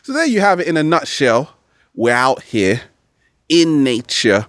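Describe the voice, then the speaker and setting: A man giving motivational advice as a vlog host, animated and playful, recorded outdoors in nature. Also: a little high, measured pace, dry recording. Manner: animated, playful, slips into exaggerated quoted voices. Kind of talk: motivational talk to camera.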